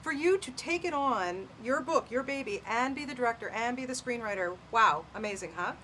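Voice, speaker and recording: A woman's voice: on the high side, expressive, pushed and bright, slight background noise, poor audio. Effusive woman interviewer. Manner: effusive, drawn-out praise. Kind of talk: press-junket interview.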